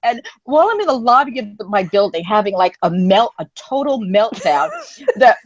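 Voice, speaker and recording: A woman co-hosting a live online community stream, telling a story in a rambling, animated way with lots of fillers and restarts. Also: moderate pace, no room sound, highs cut off. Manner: animated, acts out quoted voices in a higher pitch. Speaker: co-host of an online women's livestream community. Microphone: phone or webcam on a live stream.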